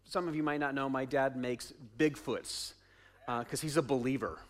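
A man's voice: medium pitch, steady tone, moderate pace, background noise. A man preaching a sermon as pastor, conversational, asking the congregation questions and repeating his phrases.

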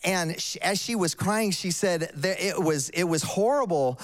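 Older male preacher, slightly raised pitch, casual storytelling sermon style with emphatic asides. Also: a little slow.

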